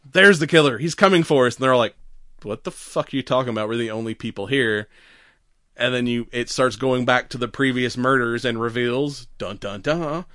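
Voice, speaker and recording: A podcast co-host with a mid-range, fairly bright voice chats casually, laughing often as he recaps a movie and acts out its lines. The studio-quality recording has no echo.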